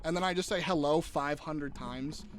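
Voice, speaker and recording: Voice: mid-range voice, normal speed, a little hiss or hum. A streamer chatting casually on a live stream, rambling, swearing freely and laughing often.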